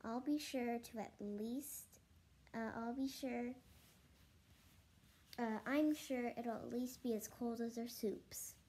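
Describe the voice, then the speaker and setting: Calm no-nonsense teacher lady, read by a woman, slow, soft mellow tone. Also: a little high. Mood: matter-of-fact. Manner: calm, matter-of-fact. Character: calm, matter-of-fact woman schoolteacher.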